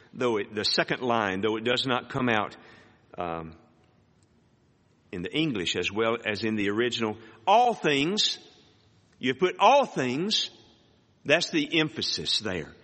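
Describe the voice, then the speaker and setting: A man preaching a sermon in an unhurried, deliberate way, his fairly low voice bright and forceful. He reads scripture aloud, climbing high to stress key words. A long hall reverb trails behind him. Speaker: pastor.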